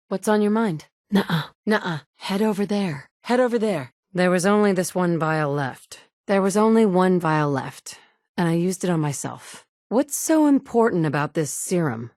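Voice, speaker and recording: A game's survivor heroine: level, lower register, dry studio read, sardonic. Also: female voice, darkish tone, dry recording. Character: resourceful woman survivor, wry and steady. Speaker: player character. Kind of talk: game dialogue lines.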